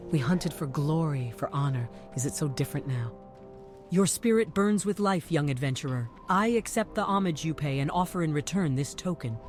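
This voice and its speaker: A man's voice: a little high, lively intonation, normal speed, faint music behind, lightly acted. A man voicing a solemn ancient elder spirit. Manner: solemn, ceremonial. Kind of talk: video game voice acting.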